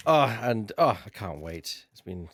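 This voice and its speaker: A man hosting a live group voice-acting stream and narrating scene headings in a relaxed, jokey way. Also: fairly low pitch, measured pace, over loud music.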